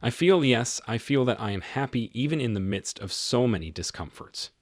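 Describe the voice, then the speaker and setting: A man reading aloud, in first person, the letters of a devout, suffering young woman mystic, in a solemn, low voice. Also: expressive, normal speed, dry recording, studio quality, natural voice.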